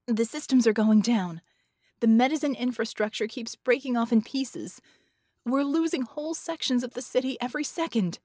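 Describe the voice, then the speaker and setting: A woman voices a young heroine in an audiobook, pitching a little higher than her natural voice but still close to everyday speech, at normal speed with a darkish tone. She sounds earnest, pleading, and urgent. The recording is dry, with clean studio sound.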